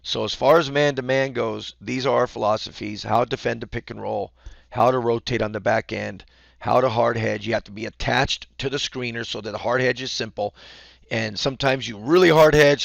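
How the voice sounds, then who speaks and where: Male basketball coach teaching defense; casual, gravelly, mid-pitched voice. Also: normal speed, dry recording, muffled recording. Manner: explains casually, acts out courtside calls. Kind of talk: instructional talk.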